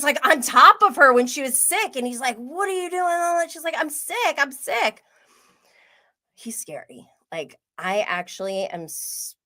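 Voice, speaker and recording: Bright-voiced chatty woman gossip host. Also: on the high side. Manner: chatty, lots of "like" fillers, laughs often. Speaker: pop culture livestream host. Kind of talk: casual gossip chat.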